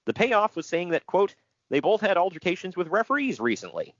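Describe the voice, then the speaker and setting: Animated sarcastic man on a lo-fi podcast. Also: sits high, a little fast, no echo. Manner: animated, sarcastic, laughs often. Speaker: podcast co-host. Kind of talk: casual wrestling news chat.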